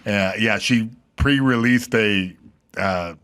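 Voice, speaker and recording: Male sidekick on a talk podcast, low-pitched, relaxed and hesitant. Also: slow, clear, resonant tone. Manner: laid-back, hesitant. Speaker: co-host. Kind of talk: casual chat, reading news.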